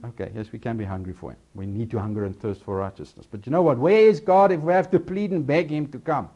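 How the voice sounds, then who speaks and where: A man preaching a sermon, swinging between loud, emphatic lines and quieter asides. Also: medium pitch, fast talker, few pauses, highs cut off.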